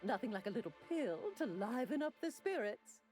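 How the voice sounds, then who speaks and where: A woman's voice: on the high side, sing-song, a little fast, darkish tone, faint music behind. An actress voicing a fawning, sugary female shopkeeper in a video game who calls everyone dearie. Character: syrupy, doting female shopkeeper auntie.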